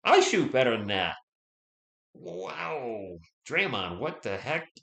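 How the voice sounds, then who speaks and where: Excitable man calling a game in an echoey room. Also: medium pitch, takes it slowly, gravelly. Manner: chatty, excitable, talks straight to viewers. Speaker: live stream play-by-play host. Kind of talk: casual play-by-play commentary reacting to chat.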